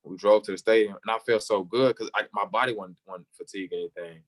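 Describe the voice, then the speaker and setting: A young man, a football player, telling his story in an interview and acting out the people he quotes, sometimes jumping way up in pitch for their lines. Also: fairly even intonation, fast. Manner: acts out quoted voices, jumping high for other people.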